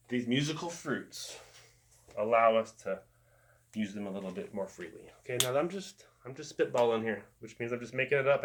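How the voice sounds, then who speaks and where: A man teaching a music rhythm lesson, chanting fruit names in steady beats and adding chatty asides to his viewers. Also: lowish voice. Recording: noisy home recording.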